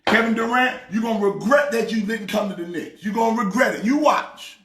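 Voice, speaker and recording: A man playing a loud, excitable pastor ranting about sports teams. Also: sits high, brisk, reverberant. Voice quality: preachy, shouting rant. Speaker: comedic sports pastor character. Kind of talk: comedic sports rant.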